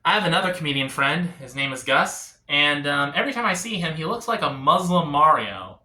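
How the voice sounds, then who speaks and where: Bright, lively stand-up comic in echoey room. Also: male voice, fairly high pitch, a little fast. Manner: confessional, deadpan setups with sudden swings. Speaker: stand-up comedian. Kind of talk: stand-up comedy set.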